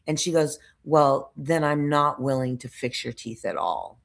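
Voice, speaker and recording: A woman's voice: low-pitched, moderate pace, vocal fry, few pauses. A woman vlogger telling a story in a casual, rambling way, frustrated, restarting sentences and searching for words. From United States.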